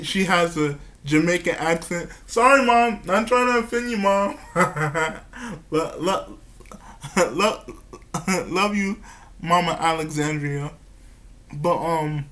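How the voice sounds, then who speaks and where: Slow, halting man with a higher voice. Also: sharp tone. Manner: halting, stammering, repeats words often; nervous giggles between phrases. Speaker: vlogger. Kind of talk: personal confessional vlog.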